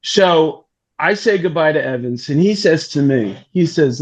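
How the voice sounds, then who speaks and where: Male guest storyteller, animated, voices the characters, slightly high pitch, dull recording. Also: unhurried. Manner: animated, acts out quoted voices. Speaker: guest storyteller, talent manager. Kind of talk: casual anecdote telling.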